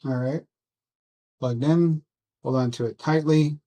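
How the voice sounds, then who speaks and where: A man hosting a casual build vlog, rambling softly to his viewers and himself while he works at a bench indoors. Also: a little high, steady tone, unhurried. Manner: soft, rambling self-talk with musing asides. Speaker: drone hobby channel host.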